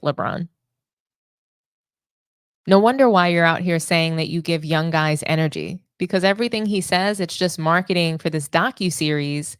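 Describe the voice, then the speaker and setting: Woman sports host, sarcastic and indignant, lowish voice, dry close mic. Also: clear, resonant tone, dry recording. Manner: indignant, sarcastic rhetorical questions. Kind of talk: opinionated sports commentary.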